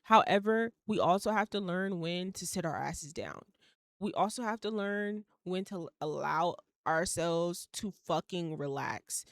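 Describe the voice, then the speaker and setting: A young adult woman hosting a casual solo podcast, blunt and animated, swearing freely as she talks herself through things. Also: fairly low pitch, measured pace, no echo. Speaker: podcast host.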